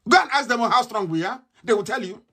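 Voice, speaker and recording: A man delivers an impassioned political address, his pitch leaping and falling with great animation. He swings between shouted outbursts and low, muttered asides. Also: animated, fast. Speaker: activist speaker.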